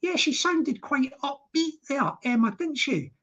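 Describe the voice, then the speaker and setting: A man's voice: very high voice, animated, unhurried, a bit bright. A man hosting a casual live stream who rambles, repeats himself and laughs often. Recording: dull lo-fi stream audio.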